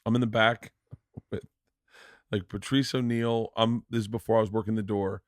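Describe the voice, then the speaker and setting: Animated male podcast host telling stories. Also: moderate pace, dry recording, clean studio sound. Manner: animated, jumps into loud high-pitched impressions when quoting. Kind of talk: casual storytelling chat.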